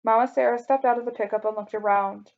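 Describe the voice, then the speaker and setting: A woman's voice: fairly high pitch, steady tone, fast, gravelly. Woman reading a children's story. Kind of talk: children's story read aloud. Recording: dull lo-fi recording.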